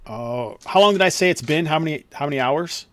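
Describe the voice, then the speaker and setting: A man's voice: fairly high pitch, expressive, a little fast, a bit bright. A man running an online tabletop game as game master, easygoing and chuckling as he explains the rules.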